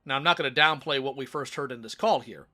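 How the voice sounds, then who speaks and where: A man narrates commentary over recorded calls in a crisp, forceful voice. His delivery stays dry and matter-of-fact, with a wry edge. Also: mid-range voice, fast talker. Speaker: channel host narrating.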